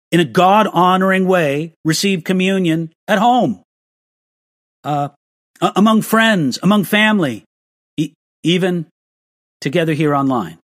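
A man's voice: sits high, expressive, measured pace, pauses often, a bit bright, no echo, clean studio sound. A man answering viewer questions in an online live stream, earnest and restarting his sentences with small stammers.

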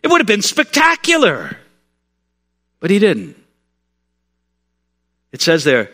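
A man preaching in a church, his voice high and bright as he tells the story in a chatty, unscripted way, often stumbling into restarts. A long reverb rings out after his words, as in a large sanctuary. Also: huge pitch swings, takes it slowly, pauses often. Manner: conversational storytelling, frequent restarts. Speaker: pastor. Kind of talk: sermon.

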